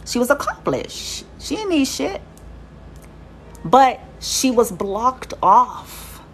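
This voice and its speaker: A woman's voice: a little high, big pitch swings, takes it slowly, slight background noise. A woman giving life advice in a casual motivational talk, emphatic and conversational, swearing for emphasis and checking in with "you know" and "okay?". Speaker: speaker sharing life advice.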